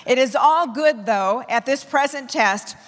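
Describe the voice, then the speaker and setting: A woman apostle preaching a forceful, declamatory sermon to her church, driving home her points in emphatic lists. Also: high-pitched, unhurried, in a large hall.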